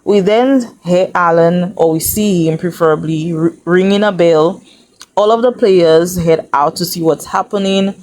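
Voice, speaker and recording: A woman's voice: on the low side, measured pace, a little mellow. A woman hosting a reality TV recap, talking to viewers in a sassy, chatty way. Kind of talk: casual recap commentary.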